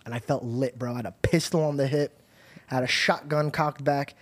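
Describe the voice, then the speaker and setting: A man hosting a podcast, telling a story in a casual, animated way, swearing often and calling people bro. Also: medium pitch, normal speed, pauses often. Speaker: podcast host.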